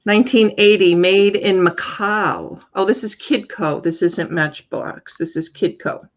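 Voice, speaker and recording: A woman's voice: medium pitch, measured pace. Woman co-host going over little toy cars, reads the stamps and years, dull lo-fi audio. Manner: reads out maker marks and years, thinking aloud. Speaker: co-host showing auction items. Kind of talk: casual live-stream item descriptions. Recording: dull lo-fi sound.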